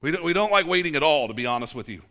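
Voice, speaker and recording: A man's voice: fairly high pitch, lively intonation, very fast, bright, forceful tone. A man in his forties, a pastor preaching a casual sermon in a church, chatty, with many fillers and restarts and dry self-mocking asides. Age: 40s. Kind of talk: conversational sermon.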